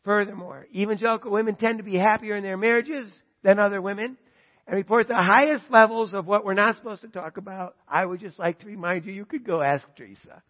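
A man preaching a sermon, retelling a story with animated emphasis before pressing his points home. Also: high voice, fairly quick. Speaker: pastor. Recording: dull sound, long hall reverb.

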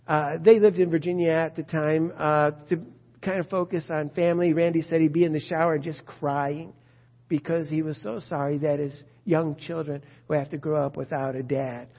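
A man preaching an Easter sermon as a pastor, telling a story and then leading a quiet, earnest prayer. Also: on the high side, level tone, moderate pace, long reverb tail. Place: church sanctuary. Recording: dull lo-fi sound.

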